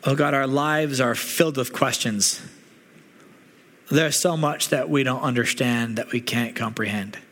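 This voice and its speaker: A man's voice: mid-range voice, a little slow, a bit bright. A man preaching a conversational sermon as a pastor, mixing prayer and casual asides.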